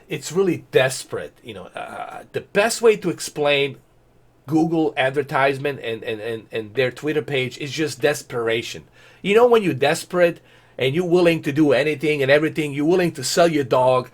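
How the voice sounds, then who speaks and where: Exasperated ranting man, lively pitch. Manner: sarcastic, exasperated, animated ranting. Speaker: gaming commentator. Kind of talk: ranting commentary vlog.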